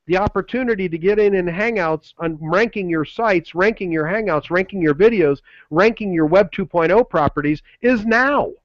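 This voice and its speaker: A man co-hosting a webinar, delivering a pushy motivational sales pitch full of repeated slogans. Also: normal speed, few pauses, dry recording, dull audio. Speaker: webinar co-host.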